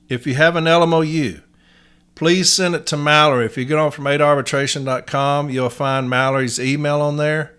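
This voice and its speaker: A man's voice: on the high side, steady tone, moderate pace, fairly bright tone, clean tone. A man from Nashville, Tennessee, with a Southern accent, hosting a podcast in a blunt, folksy monologue. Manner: blunt, folksy, uses y'all. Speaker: podcast host.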